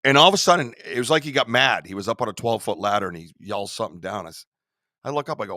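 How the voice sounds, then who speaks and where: Bright, dry-voiced man swearing and laughing. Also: on the low side, animated, very fast, dry recording. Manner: loud, laughs a lot, swears freely. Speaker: podcast host. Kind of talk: casual podcast banter.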